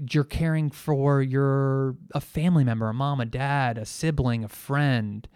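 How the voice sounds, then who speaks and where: Earnest and somewhat emotional, this middle-aged man reflects on his own podcast, where he works as host and coach. His mellow, medium-pitched voice comes through clean studio sound without echo, though his speech is full of fillers and false starts.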